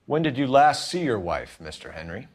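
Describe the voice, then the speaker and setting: A man's voice: mid-range voice, very animated, moderate pace, natural voice. An actor playing a pressing male police interrogator questioning a suspect in a game. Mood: probing. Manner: pressing, probing.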